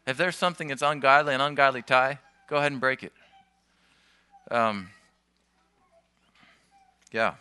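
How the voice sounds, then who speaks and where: A man preaching in a very bright, crisp voice, talking through his points in a loose, conversational way and often restarting his sentences. The sound is dry and close to the mic, with the room adding almost nothing. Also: medium pitch, unhurried, pauses often, dry recording. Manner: conversational teaching with restarts and asides. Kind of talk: sermon.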